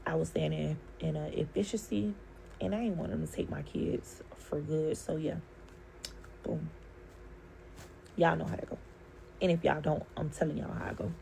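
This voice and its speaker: A young woman, telling a story with animated, profane emotion. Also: sits low, gravelly, a little hiss or hum. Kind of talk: storytime vlog.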